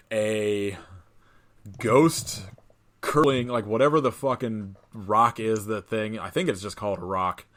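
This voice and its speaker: Podcast co-host, male, lowish voice, loose swearing recap style. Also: a bit bright. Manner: laughs often, swears freely. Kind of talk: casual chat recapping a film.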